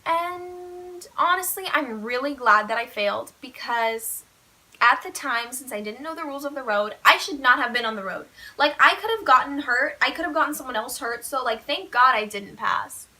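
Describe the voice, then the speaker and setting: A teenage girl telling a storytime vlog in a chatty way, full of "like" and animated retelling. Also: high voice, normal speed. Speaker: vlogger.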